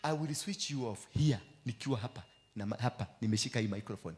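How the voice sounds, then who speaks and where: A man with a Kenyan English accent delivers a sermon as an apostle, his voice sitting in an ordinary middle pitch. He repeats his phrases for force and drops Swahili into the English. He jumps from loud, high bursts down to low, hushed lines. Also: quick pace. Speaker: apostle preaching.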